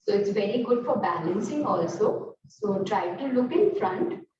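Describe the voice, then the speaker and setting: A woman yoga instructor calmly guiding a class through breathing exercises and stretches. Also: mid-range voice. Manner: slow, calm cueing of breath and movement. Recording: roomy, distant, muffled, noisy room sound.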